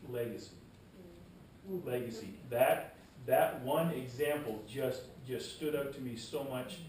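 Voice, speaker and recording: Casting: male guest speaker, loose and repetitive delivery, distant mic, reverberant room with faint rumble. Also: a little slow, a little mellow. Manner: rambling, repeats words, folksy asides. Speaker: guest speaker at a historical society. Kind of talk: informal public talk. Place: meeting room.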